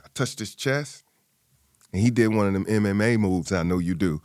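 A man's voice: fairly low pitch, moderate pace, a little mellow, no echo, clean studio sound. A middle-aged man, an interview guest, telling a personal story and acting out the voices of his family.

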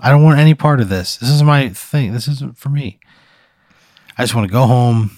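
A man's voice: mid-range voice, moderate pace, a little mellow, no echo. A man with a mid-range voice answers an absurd hypothetical with reluctant disbelief, swearing freely in easygoing talk. The sound is dry and close. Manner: reluctant, incredulous, swears a lot, plays along with the bit. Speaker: podcast co-host. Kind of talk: casual chat.

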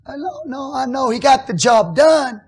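A male pastor delivers his sermon in a high, raspy voice. He roams widely in pitch, sliding from low, confiding remarks to ringing shouts. The preaching feels loose and conversational. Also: lively intonation, normal speed. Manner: preaching with big swings from hushed asides to shouted lines.

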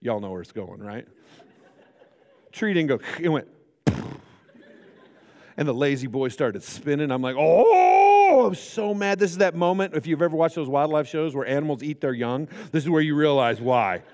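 A middle-aged American pastor delivers a sermon in a college chapel, telling stories, cracking jokes, and acting out the voices of the people he quotes. His voice is fairly high and a little mellow, at a moderate pace, and the hall is reverberant.

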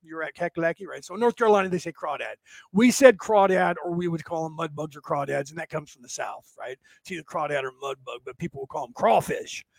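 A man's voice: a little high, quick pace, gravelly, dry recording. A man from California chatting casually to viewers in a folksy, rambling way, often tagging his sentences with "right?". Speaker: livestream host reading chat.

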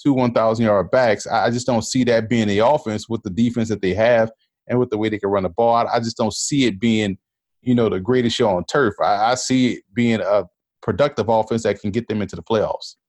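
A man as a podcast guest giving casual sports analysis, measured and repeating words as he thinks. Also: fairly low pitch, steady tone, darkish tone, no room sound.

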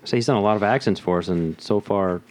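A podcast co-host in casual chat, telling stories in quick rambling runs. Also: sits low, darkish tone. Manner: quick, rambling storytelling with many "and then".

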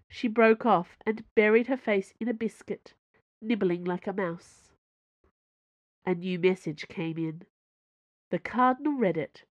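A woman's voice: lowish voice, dry recording, muffled recording. Woman narrating a story, dry and close. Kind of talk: audiobook narration.

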